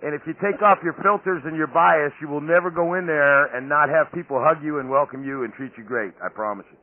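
A man's voice: fairly high pitch, fast. A man hosting a podcast interview, chatting casually and rambling with lots of fillers and restarts. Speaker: podcast host. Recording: tinny phone-line audio with faint noise.

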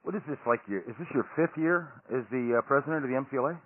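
A man's voice: medium pitch, rapid-fire, no room sound. A man hosting a coaching podcast interview, chatty and self-deprecating, full of fillers. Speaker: podcast host, lacrosse coach. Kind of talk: casual interview over a phone line. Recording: tinny dry phone line.

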